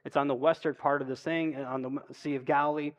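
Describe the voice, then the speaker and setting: A man preaching a sermon as pastor, in a relaxed, conversational storytelling way, often checking in with "right?". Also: on the high side, fairly quick. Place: church sanctuary. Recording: long reverb of a church hall.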